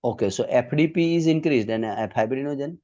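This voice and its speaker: A man's voice: mid-range voice, expressive, brisk, warm tone, highs cut off. A man with an Indian accent running an online medical exam quiz, patiently drilling students one point at a time.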